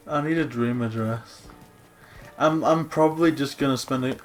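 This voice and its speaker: A man co-hosting a video, giving excited game commentary with gushing exclamations and gasps. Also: mid-range voice, moderate pace, faint music behind. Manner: gushing, gasping, breathless exclamations. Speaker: co-host touring a game island.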